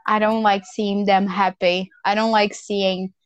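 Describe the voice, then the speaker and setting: A woman chatting at an unhurried pace, rambling and swearing freely as she vents. Her voice sits at a middle pitch. The recording is dry and close. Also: flat delivery, clear, resonant tone, no echo. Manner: rambling, frank and profane, self-styled hater. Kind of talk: casual chat about motor racing.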